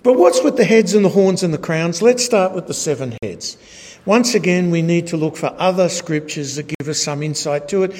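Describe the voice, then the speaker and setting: A man gives a sermon-style Bible lesson, walking through slides. His voice sits a little high, and he keeps a wry tone, tossing in rhetorical tag questions. The sound carries a long reverb, as in a large hall. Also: expressive, moderate pace, a little mellow. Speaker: Bible teacher. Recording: echoey hall.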